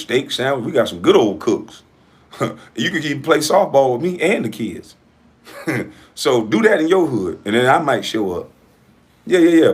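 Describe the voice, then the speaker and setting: A middle-aged man from coastal Georgia giving a profane, forceful monologue to camera as an entrepreneur vlogger, repeating himself for emphasis. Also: medium pitch. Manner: profane, forceful ranting with repetition.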